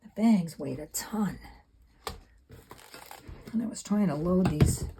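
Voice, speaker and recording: A woman's voice: lowish voice, animated, slow pace, background noise. A woman in her seventies talking candidly and rambling a little as she paints in her sketchbook. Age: 70s. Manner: rambling, candid, self-deprecating. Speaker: sketchbook artist. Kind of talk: casual reflective talk while painting.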